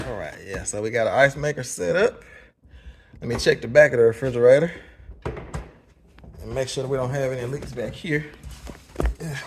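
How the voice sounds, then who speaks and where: A man's voice: mid-range voice, vocal fry, noisy background. A man with a Southern US accent, casually vlogging from his kitchen at home as a father, chuckling and repeating words as he talks. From Mississippi, US.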